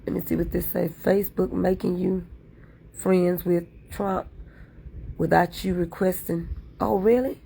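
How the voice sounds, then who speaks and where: A woman's voice: lowish voice, steady tone, measured pace, gravelly, dark tone, slightly rough. A woman livestream host talking in a fervent, preachy way, repeating her points over and over. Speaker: livestream content creator. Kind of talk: impassioned livestream talk.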